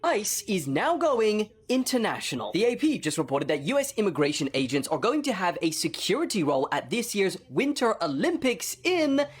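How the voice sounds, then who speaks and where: A woman's voice: medium pitch, very animated, moderate pace, hardly any pauses, husky. A woman delivering news commentary in an explanatory way.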